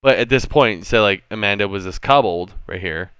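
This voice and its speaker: A man's voice: on the low side, moderate pace, clean tone, no room sound. A man as game master, enthusiastically explaining a tabletop game setup. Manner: animated, enthusiastic, expressive.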